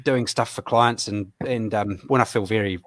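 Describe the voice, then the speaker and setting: A man with a New Zealand accent, a comic artist guest chatting casually over a video call, halting and self-deprecating, with many fillers. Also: lowish voice, fairly even intonation, dry recording, studio quality.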